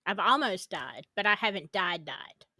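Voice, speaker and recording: A woman's voice: mid-range voice, animated, normal speed, sharp tone, dry recording. A woman who works as a nurse, co-hosting a casual podcast chat in a playful manner. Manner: playful, laughs often.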